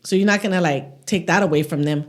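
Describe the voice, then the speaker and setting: A middle-aged woman co-hosting a casual podcast, telling stories with lively acted-out quotes and frequent swearing. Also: fairly low pitch, fast, slight background noise. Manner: animated storyteller acting out quotes, swears freely. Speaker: podcast co-host. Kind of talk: casual chat, storytelling.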